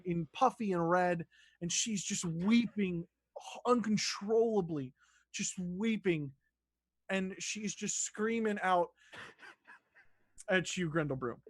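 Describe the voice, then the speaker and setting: A man's voice: high-pitched, dry recording, studio quality. A man narrating as game master in a loose, casual way with many fillers.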